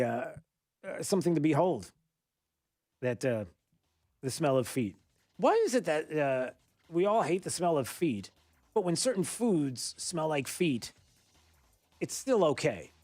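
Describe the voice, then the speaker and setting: Chatty radio host, dry studio sound. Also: male voice, fairly high pitch, big pitch swings, darkish tone, no room sound. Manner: chatty, halting with many fillers. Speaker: radio talk show host. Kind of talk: talk radio with caller quiz.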